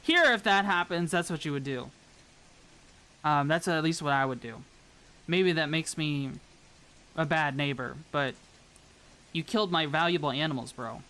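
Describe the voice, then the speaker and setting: A woman's voice: sits low, moderate pace, pauses often, a bit bright. A woman from the American South chatting casually with viewers as a streamer while she builds a model. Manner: rambling, chatty, talks to viewers. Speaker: VTuber streamer.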